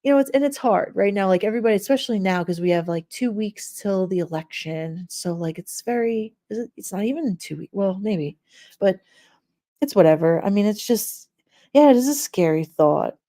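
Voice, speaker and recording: A middle-aged woman hosts a casual live stream, talking straight to her chat viewers. She rambles through everyday stories, laughs often, and acts out the people in them. Her voice is warm and mellow. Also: medium pitch, lively intonation, normal speed.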